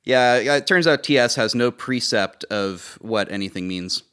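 A man's voice: mid-range voice, normal speed, fairly bright tone, clean tone. A man co-hosting a casual podcast, recapping a movie's plot with sarcastic, sweary asides. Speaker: podcast co-host.

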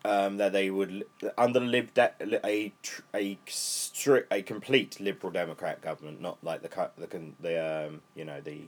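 A young British man co-hosting a casual podcast, rambling and swearing freely, his voice worn lower from smoking. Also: steady tone, moderate pace, few pauses. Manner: rambling, swears freely, laid-back stoner talk. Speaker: podcast co-host. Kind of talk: casual chat.

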